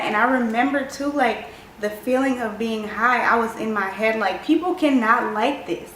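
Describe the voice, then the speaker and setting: Young woman, storytime vlog, fairly high voice, echoey room, mic a bit distant, animated telling. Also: normal speed, slight background noise. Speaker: vlogger.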